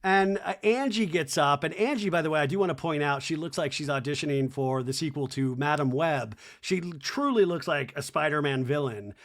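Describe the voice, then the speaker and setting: A man hosting a comedy podcast, recapping a reality show in a casual, animated way and mimicking the cast in quick put-on voices. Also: on the high side.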